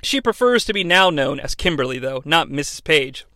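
A male podcast host gives a sarcastic, profane recap with a high, lively voice that swings up and down a lot. His tone is bright and forward. The sound is dry and close to the mic. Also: moderate pace, no room sound. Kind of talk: comedic wrestling recap.

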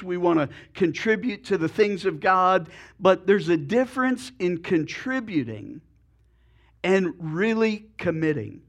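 A male preacher delivering a sermon with folksy humor and relaxed storytelling. His voice sits fairly high for a man, and he often corrects himself mid-sentence. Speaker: pastor.

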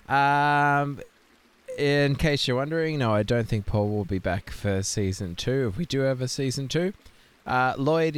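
A man's voice: a little high, clear, resonant tone. Rambling mock-serious young man hosting. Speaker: podcast host. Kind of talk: improvised comedy podcast.

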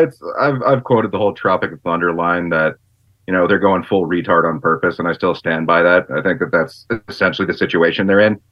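A man on a video call, rambling and swearing loosely as a podcast guest. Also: deep voice. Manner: rambling, profane, loose and animated. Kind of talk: casual panel chat. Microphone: computer mic on a video call. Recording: dull lo-fi computer mic.

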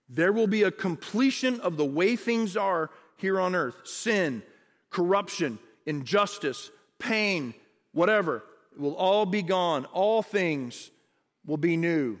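High-voiced man preaching in a hall. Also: moderate pace. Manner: animated, conversational preaching with repetitions and asides. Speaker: pastor. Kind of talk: sermon.

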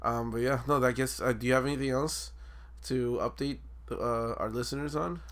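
A man's voice: medium pitch, fairly even intonation, moderate pace, fairly bright tone. A young man co-hosting a casual podcast, telling work stories with swearing and laughter. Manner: storytelling, profane, laughs often. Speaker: podcast co-host. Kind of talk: casual chat.

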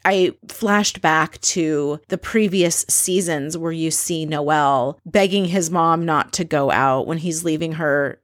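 A woman's voice: low voice, no room sound, clean studio sound. A woman casually recapping a reality TV episode in a chatty, gossipy manner. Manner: chatty, gossipy, acts out quotes.

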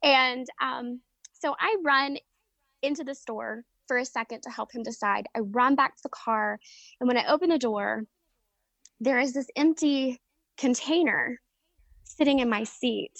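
High-voiced laughing woman telling a story. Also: measured pace, gravelly, a bit bright, no room sound. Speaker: podcast guest. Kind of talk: casual storytelling.

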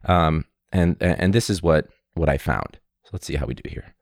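A man's voice: extremely low pitch, lively intonation, moderate pace, creaky, no echo. A man who teaches, hosting his own podcast in a candid, rambling, wry way on a studio mic. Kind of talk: casual solo podcast talk. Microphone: studio mic with pop filter.

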